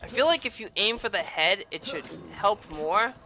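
A woman's voice: mid-range voice, lively intonation, normal speed, crowd noise. A young woman giving crude, jokey let's play commentary on a horror game, swearing often and yelping when startled. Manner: yelps and shouts when startled. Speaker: gamer playing a horror game.

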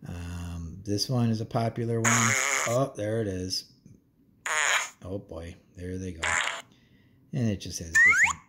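A parent reviews a kid's smartwatch in a laid-back, meandering way, filling his talk with ums and uhs. His low voice moves at a measured pace with frequent pauses, and the recording is very noisy.

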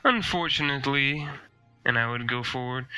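A man playing a tabletop game makes dry, wry remarks. His voice is sharp and tense, at a medium pitch. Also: moderate pace, clean tone, dry recording, faint music behind. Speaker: player.

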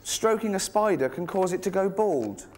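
Cheeky stand-up comic, middle-aged, giggly asides, noisy live stage recording. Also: male voice, sits high, expressive, normal speed, a little mellow. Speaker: stand-up comedian. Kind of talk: stand-up comedy routine. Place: comedy stage before an audience.

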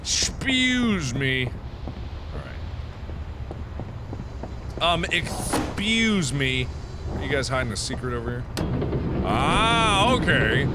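A man playing a horror game who screams, swears and panics, then settles into calm musing. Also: mid-range voice, very noisy. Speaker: let's play host.

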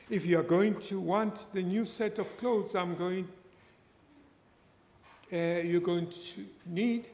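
Slow-preaching man in an echoey church. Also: high-pitched. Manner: slow, deliberate delivery, acting out a story's characters. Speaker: pastor. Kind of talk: sermon with storytelling. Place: church hall. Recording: echoey church hall with long reverb.

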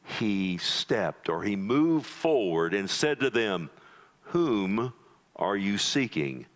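Slowly and with big swings in pitch, a man preaches a dramatic sermon as pastor. He drops into hushed, low tones for emphasis and calls his listeners "loved one."

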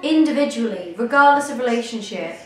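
Gushing through a laid-back reaction video, this young female vlogger rambles and pokes fun at herself in a slightly high, expressive voice that's a little fast and a bit bright. The recording has heavy room echo and faint background music.

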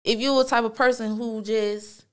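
A woman's voice: a little high, steady tone, moderate pace, clear, resonant tone. Laid-back, foul-mouthed woman host. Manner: laid-back, slangy, heavy cursing, lots of fillers. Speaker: podcast host. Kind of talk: casual storytelling monologue.

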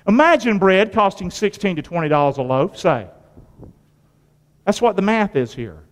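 In a church sanctuary full of long hall reverb, a male pastor with a high voice speaks at normal speed, his pitch swinging widely. He asks his congregation questions, call-and-response fashion, and drives points home through folksy repetition that suddenly rises and drops.

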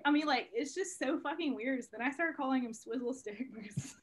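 A young woman, a comedian guest on a video call, telling stories in a lively, profane, laughing way. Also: sits high, brisk. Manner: animated, profane, laughing storyteller. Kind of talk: casual storytelling interview.

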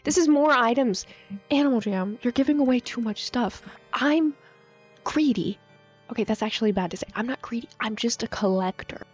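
A young woman YouTuber, fairly high-pitched and a little fast, reacts to a game update in casual commentary that's excitable, chatty and thick with slang and fillers. The handheld mic is overdriven and peaking, and faint music plays under the dull lo-fi audio.

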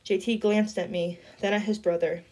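A woman reading a novel chapter aloud in a steady storytelling voice. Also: medium pitch, moderate pace. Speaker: reader.

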